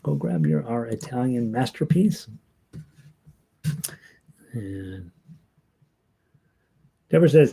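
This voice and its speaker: A man's voice: medium pitch, lively intonation, takes it slowly, gravelly, pauses often, warm tone, husky. A man leading an amateur ukulele orchestra rehearsal, counting in, singing along and chatting with a self-deprecating laugh.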